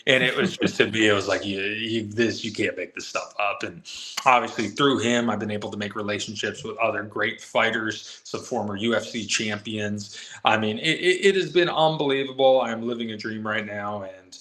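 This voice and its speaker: A man's voice: lowish voice, echoey room, poor audio. A man on a live sports show, eagerly telling a long anecdote and acting out the quotes of the people in it. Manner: excited, fast anecdote-telling with acted quotes. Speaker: guest MMA reporter. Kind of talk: animated storytelling on a live show.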